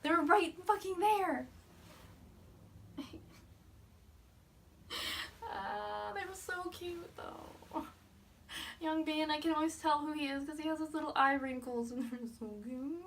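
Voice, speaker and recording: A woman's voice: high-pitched, steady tone, slow pace, long pauses, far from the mic, slight background noise. A young woman recapping a fan meet in a vlog, gushing, swearing a lot and laughing often. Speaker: vlogger.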